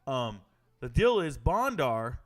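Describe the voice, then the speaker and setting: A man's voice: mid-range voice, very animated, takes it slowly. A man streaming his reactions to live fights. He jokes, repeats lines, and talks straight to his viewers. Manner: joking, repeats himself, talks straight to chat. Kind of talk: casual live-stream commentary.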